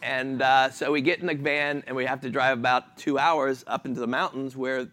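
A man's voice: medium pitch, normal speed, a little hiss or hum. Man in his fifties telling a story. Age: 50s. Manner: self-deprecating, deadpan delivery with frequent restarts. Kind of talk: humorous personal story.

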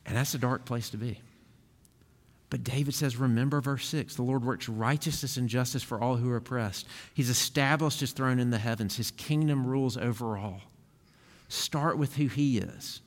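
A male pastor delivering a sermon in an earnest, conversational way, restarting phrases as he goes. His voice sits at an ordinary middle pitch. It rings with a long reverb from the church hall. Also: normal speed.

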